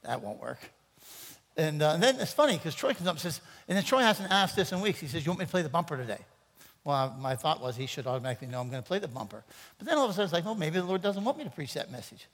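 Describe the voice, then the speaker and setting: High-voiced pastor in a reverberant church. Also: male voice, very animated, fast, fairly bright tone. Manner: playful, self-interrupting, joking with the congregation. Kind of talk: sermon. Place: church sanctuary.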